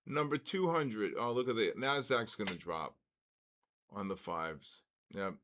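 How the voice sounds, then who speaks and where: A man hosting a trading live stream, calling out giveaway winners in a drawn-out, repetitive way. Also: lowish voice, expressive, a bit bright, slight background noise.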